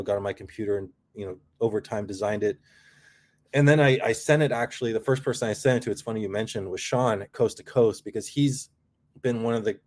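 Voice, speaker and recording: A man's voice: fairly low pitch, a little mellow. A middle-aged man, a guest in a casual interview, telling a long story in a rambling way, with many restarts and "you know" fillers. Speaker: guest, product founder.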